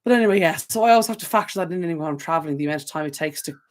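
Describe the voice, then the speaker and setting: A woman's voice: fairly low pitch, expressive, racing. A young Irish woman hosting a live stream from her desk, rambling in casual rants with plenty of fillers. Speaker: channel host. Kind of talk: live stream chat with viewers. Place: home desk. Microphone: desk camera mic.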